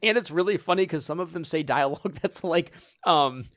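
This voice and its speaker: A man's voice: on the high side, a little fast, a bit bright, dry recording. A man co-hosting a casual podcast, telling stories animatedly, acting out lines of dialogue and laughing often. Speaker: podcast co-host. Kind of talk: casual chat.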